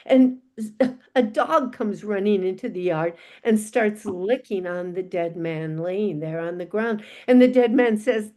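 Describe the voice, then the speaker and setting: A woman telling a folk tale aloud to a live audience, unhurried and expressive. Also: medium pitch. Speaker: storyteller.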